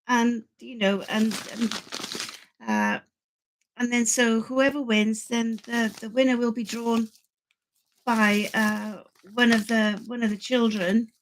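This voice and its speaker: An older woman talks slowly and excitably to her live viewers, restarting her sentences often. Her voice sits a little high. Faint noise hums under the recording. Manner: chatty, rambling, excitable, with many restarts. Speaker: channel host. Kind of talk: live stream chat with viewers.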